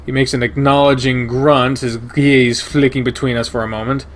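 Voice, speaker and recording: A man reading a visual novel aloud in first person, steady and measured. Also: medium pitch, slight background noise. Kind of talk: first-person narration of a game.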